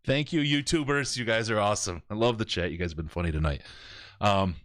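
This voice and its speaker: A man's voice: on the low side, a little fast, fairly bright tone, no room sound, studio quality. A man hosting a live sports podcast, running through upcoming dates and plugs in a loose, joking, rambling way with plenty of fillers. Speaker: podcast host.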